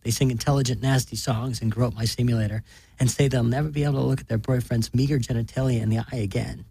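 A man reads a short story in a flat, deadpan delivery. His voice is husky, and the recording is dry and close, with no room around it. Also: mid-range voice, quick pace, no echo. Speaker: narrator.

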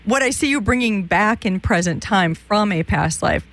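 A woman's voice: medium pitch, lively intonation, normal speed, a bit bright. A woman hosting a live call-in radio show, giving psychic readings in a chatty, meandering way with many restarts.

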